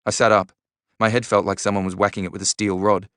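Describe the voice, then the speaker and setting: Guy reading an audiobook in first person, really low voice, dry close mic. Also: level tone, fast, a bit bright, clean tone, no room sound. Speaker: audiobook narrator.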